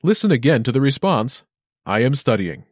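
Close, dry audio without any room sound carries a man's upbeat, clear narration of a brief, scripted language lesson. He talks at normal speed, his pitch swinging lively through every phrase.

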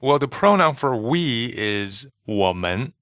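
A man's voice: medium pitch, big pitch swings, slow, fairly bright tone, no echo, clean studio sound. A man from China co-hosting a language lesson podcast, giving short answers and modeling pronunciation. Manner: brief, affirming, models pronunciation.

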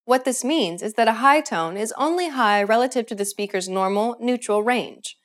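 A woman narrating a scripted language lesson in a clear, measured instructional way. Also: fairly high pitch. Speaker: language teacher.

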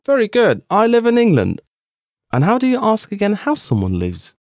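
A man's voice: high-pitched, wildly swooping pitch, moderate pace, darkish tone, dry recording, clean studio sound. A man co-hosting a scripted language lesson, upbeat and encouraging toward listeners.

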